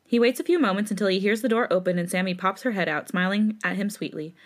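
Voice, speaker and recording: A woman's voice: medium pitch, fast. Woman host narrating a story aloud. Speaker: podcast host. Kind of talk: reading fan fiction aloud.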